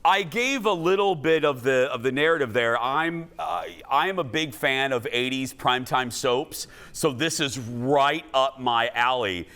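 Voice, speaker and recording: A man hosting a daytime TV talk show, chatty and animated with self-deprecating asides. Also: mid-range voice, a little slow, hardly any pauses, clear, resonant tone. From family from the American South. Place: TV studio with live audience.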